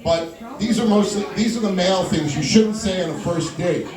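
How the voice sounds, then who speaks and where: A man's voice: high-pitched, moderate pace. A young man doing a stand-up comedy set at a live venue, playfully bantering with audience members by name. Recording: echoey room, voice far from mic, crowd audible.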